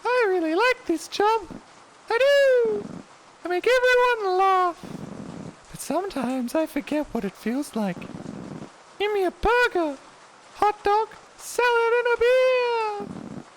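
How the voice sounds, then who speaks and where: A squeaky, chirpy clown with a very high, bouncy voice that swoops around. It is thrown well up and loud in a cartoonish way, and clear noise sits behind it. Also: male voice, expressive, takes it slowly, exaggerated voice. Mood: wistful cheer. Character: cheery high-voiced male clown customer.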